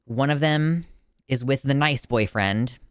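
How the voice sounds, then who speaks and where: A man talks through a film review in a loose, chatty way, circling back and restarting his sentences as he goes. His voice sits at a middle pitch and comes across smooth and clear. The sound is dry, with no room echo. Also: unhurried. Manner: chatty and emotional, full of "like" fillers and restarts. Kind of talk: casual video film review.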